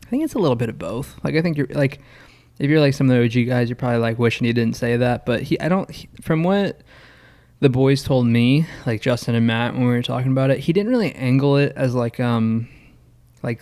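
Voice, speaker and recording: A man's voice: medium pitch, brisk, a little mellow. A man co-hosting a podcast in casual chat, rambling with many fillers and restarts. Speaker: podcast co-host.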